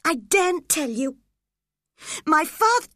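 Woman voicing sickly storybook boy, very high, gasping, frantic. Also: big pitch swings, unhurried, fairly bright tone, dry recording, clean studio sound, exaggerated voice. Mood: frantic, fearful. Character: sickly frightened teenage boy, whiny.

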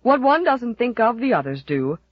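A woman's voice: a little high, very animated, normal speed, highs cut off, voice pushed up. A woman voicing a big, jolly woman who speaks heartily and expansively in an audiobook.

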